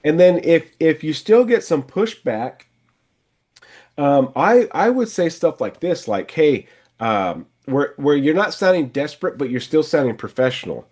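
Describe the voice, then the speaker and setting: Animated man coaching car sales. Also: fairly high pitch, a little slow. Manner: animated, acts out customer and salesman lines. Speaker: sales trainer and podcast host. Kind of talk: one-on-one coaching conversation.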